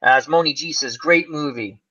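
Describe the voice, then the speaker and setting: A man hosting a casual chat about old comedy movies, animated and laughing as he acts out lines. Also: on the high side, brisk, lo-fi sound. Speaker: channel host.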